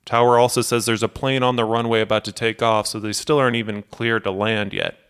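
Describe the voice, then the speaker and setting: Male documentary narrator, low-pitched, smooth resonant tone, measured scripted delivery. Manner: steady, measured storytelling that acts out cockpit quotes.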